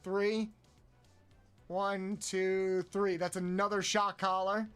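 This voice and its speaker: A man streaming a game, counting aloud, swearing often and yelping high when frustrated. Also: level tone, slow pace, fairly bright tone, clear, resonant tone, faint music behind. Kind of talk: casual live-stream chat while playing.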